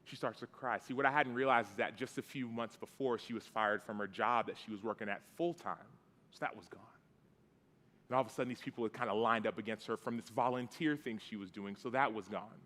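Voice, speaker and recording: A man's voice: medium pitch, brisk, a bit bright, big-room sound. A man in his thirties telling a personal story in a sermon, casual and conversational, with fillers and restarts. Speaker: guest preacher. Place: church sanctuary.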